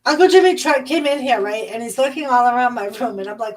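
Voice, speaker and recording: A woman's voice: a little high, low-quality recording. A woman hosting a casual livestream chat from her room at home, telling stories in a loose, profane way. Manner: unhurried, profane storytelling.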